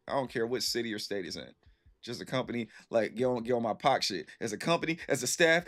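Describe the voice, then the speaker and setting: Speaking fast with a medium pitch, this thirtysomething man chats loosely with the people watching his stream. His story is lively and full of slang, and he says things more than once to drive them home.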